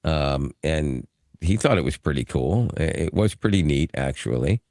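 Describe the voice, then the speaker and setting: A man with a very low voice that swings widely in pitch. He chats in a loose, rambling way on a close broadcast dynamic mic with a dry sound. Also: lively intonation, moderate pace, darkish tone, dry recording. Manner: rambling, with fillers and self-restarts, often laughing. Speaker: podcast co-host. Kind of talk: casual podcast chat over a call. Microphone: broadcast dynamic microphone.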